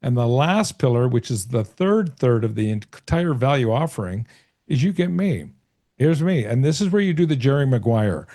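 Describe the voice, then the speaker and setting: A middle-aged man, a sales coach being interviewed, explaining ideas through lively analogies and acted-out bits of dialogue. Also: medium pitch, moderate pace. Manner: storytelling, acts out short dialogues and analogies. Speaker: sales coach and author, guest. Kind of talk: conversational interview.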